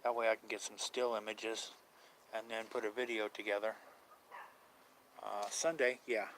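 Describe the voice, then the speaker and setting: A man's voice: lowish voice, steady tone, normal speed, fairly bright tone, slight background noise, poor audio. A man chatting casually on a live stream about paranormal outings, rambling, unsure and trailing off mid-thought.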